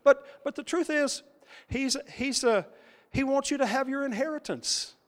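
A pastor with a high-pitched voice preaches in a folksy, storytelling way, doubling back on his words and asking his congregation questions. His sermon rings out in a long, echoing hall. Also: moderate pace. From Texas. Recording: echoey hall with long reverb.

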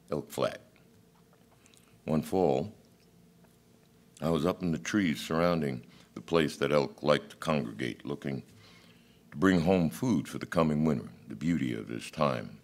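A man reading a story aloud as a plainspoken male cowboy hunter, folksy and unhurried. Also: extremely low pitch, a little mellow, heavily acted.

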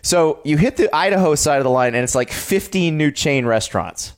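Co-hosting a podcast, a man in his forties swaps food and travel stories in a relaxed chat. He speaks fairly quickly with a higher-pitched voice, telling his food anecdotes with lively enthusiasm.

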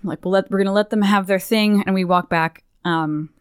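Smooth-voiced woman podcast co-host. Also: medium pitch, brisk, no echo, studio quality. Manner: animated, acts out characters' lines with swearing and laughter. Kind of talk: casual chat recapping a game questline.

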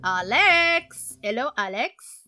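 A woman's voice: a little high, big pitch swings, bright, forceful tone, soft background music. A woman hosting a podcast, chatting casually with a playful, laughing manner. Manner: playful, laughing, quick asides. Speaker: podcast host. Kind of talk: casual chat.

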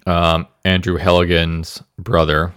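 A man's voice: deep voice, little pitch movement, slow pace, a bit bright, clean tone, dry recording, clean studio sound. A man co-hosting a podcast, casually recounting a true-crime story and often stumbling over his words with self-deprecating asides. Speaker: podcast co-host. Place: Indiana.

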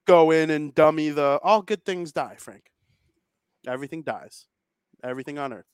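A man's voice: fairly high pitch, moderate pace, smooth, dry recording. A young adult man co-hosting a casual podcast chat, enthusiastic and jokey. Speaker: podcast co-host.

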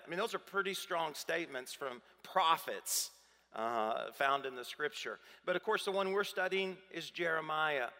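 A man's voice: a little high, a little slow, bright, forceful tone. A man preaching a sermon as pastor in a large church hall, conversational, putting rhetorical questions to the congregation. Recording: long reverb of a large hall.

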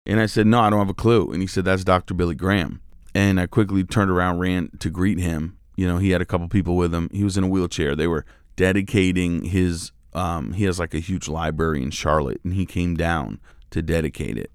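Pastor guy talking a daily devotional, real low voice, chatty and loose. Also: steady tone, fairly quick, smooth, dry recording, clean studio sound. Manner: casual, conversational preaching with filler words. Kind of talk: devotional sermon.

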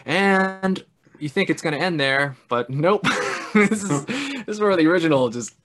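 A man in casual podcast chat, retelling a film's plot with frequent laughs and quick character impressions. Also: high voice, lively intonation, a bit bright. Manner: chatty, laughs often, mimics characters in big voices. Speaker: podcast co-host. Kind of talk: casual film recap chat.

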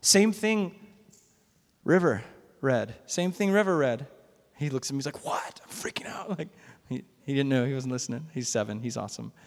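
A man's voice: medium pitch, normal speed, creaky. A man preaching a sermon as pastor, conversational and emphatic, recorded in a church sanctuary. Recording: long reverb of a church hall.

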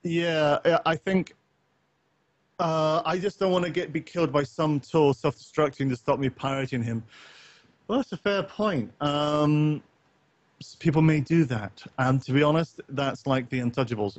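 A man's voice: a little high, moderate pace, dry recording, muffled recording. A man co-hosting a late-night gaming stream, rambling in a casual chat full of fillers, restarts and offhand swearing. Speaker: co-host of a gaming talk stream.

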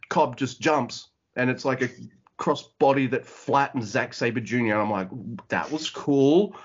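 A man co-hosting a podcast, chatting casually in an animated way, swearing and acting out quotes. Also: medium pitch, slightly rough. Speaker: podcast co-host. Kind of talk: casual chat. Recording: dull lo-fi audio.

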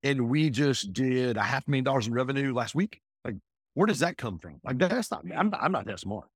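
A man talking as an entrepreneur guest in a casual interview, emphatic and energetic, often repeating himself. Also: medium pitch, brisk, breathy edge, no echo, clean studio sound.

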